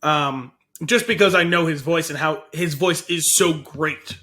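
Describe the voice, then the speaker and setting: A man's voice: a little high, a little slow, bright, forceful tone. A man co-hosting a movie podcast, giving frank opinions and hedging with lots of "like"s. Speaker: podcast co-host. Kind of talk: casual movie podcast chat.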